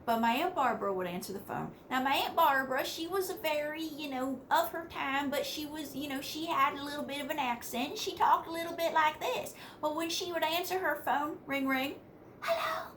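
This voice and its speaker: A woman from West Virginia vlogs family stories to the camera in a chatty, casual way, laughing between sentences and tossing in animated asides. Her voice sits high and she talks briskly with hardly any pauses, over slight background noise.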